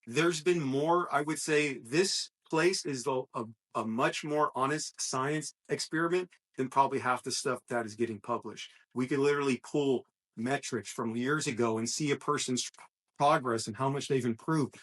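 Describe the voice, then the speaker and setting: Mid-range and fairly bright, this man's voice moves at a moderate pace. He's a gym coach and podcast co-host, and in casual conversation he speaks earnestly and motivationally, frequently rebooting his sentences while working through his thoughts.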